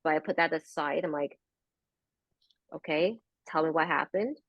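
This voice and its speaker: Blunt, low-voiced woman telling a story. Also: normal speed, no echo, lo-fi sound. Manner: blunt storytelling, swears freely. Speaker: podcast co-host. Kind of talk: casual group chat.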